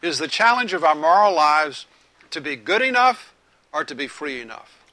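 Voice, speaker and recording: A man preaching a sermon to a live group, asking them questions and telling a lively joke. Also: fairly high pitch, normal speed, dry recording, poor audio. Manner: animated storytelling, joke-telling.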